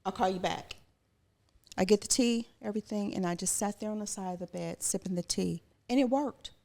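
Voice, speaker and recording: A woman's voice: mid-range voice, brisk, gravelly, warm tone. A woman guest telling a personal story in conversation, vividly acting out what others said. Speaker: guest, educator.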